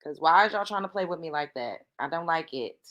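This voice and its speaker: A woman's voice: low voice, lively intonation, a little fast, a bit bright, muffled recording. A woman hosting a casual livestream, a bit congested, chatting straight to her viewers. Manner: conversational, talking to chat viewers. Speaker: livestream host.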